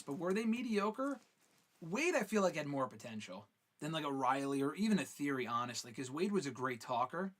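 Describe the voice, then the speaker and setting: A man's voice: on the high side, a bit bright. A man hosting a live fan-question show in casual, swearing chat, reading viewer questions aloud and answering them.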